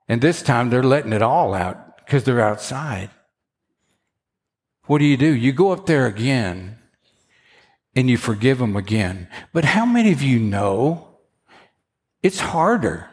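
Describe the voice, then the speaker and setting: A male pastor preaching with animated storytelling in a mid-pitched voice. He acts out the voices of the people in his story and often repeats words as he starts a sentence. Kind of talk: sermon.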